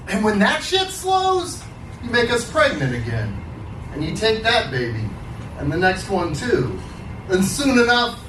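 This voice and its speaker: Male poet playing a bitter, furious dairy cow; slightly high, swinging delivery, live open mic room, mic at a distance. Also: heavily acted. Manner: swearing, mocking, sharp swings in pitch. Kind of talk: spoken word poetry performance. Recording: roomy, distant mic, faint room noise.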